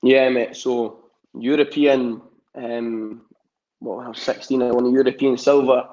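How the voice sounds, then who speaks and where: A man's voice: mid-range voice, little pitch movement, unhurried, a little mellow, highs cut off. A young man with a Scottish accent, talking as a boxer guest in a casual interview, full of fillers and restarts. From Scotland. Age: young adult. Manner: rambling, many fillers and restarts.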